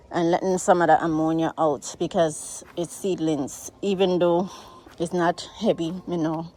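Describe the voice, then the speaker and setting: A woman's voice: lowish voice, darkish tone. An American woman chatting casually to her viewers while gardening outdoors, out of breath from digging in the heat. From United States. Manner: chatty, rambling, addresses viewers as guys. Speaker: vlogger. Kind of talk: casual farm vlog. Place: outdoors on a farm.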